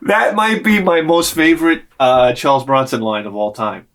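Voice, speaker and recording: A man's voice: medium pitch, normal speed. A man telling a long story as a vlogger in a casual, exasperated rant full of swearing. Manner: animated, profane, exasperated.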